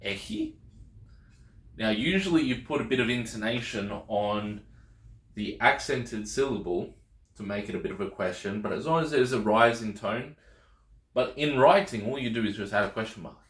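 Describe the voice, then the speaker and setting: A man's voice: lowish voice, echoey room. A man teaching a video language lesson, patient and encouraging, often checking in with "okay?". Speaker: Greek teacher.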